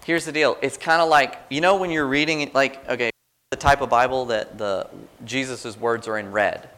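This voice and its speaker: A man preaching to a congregation in a relaxed, conversational way. He slips into quoted prayers and little acted-out reactions, and his voice sits at an ordinary middle pitch. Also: moderate pace. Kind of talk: sermon.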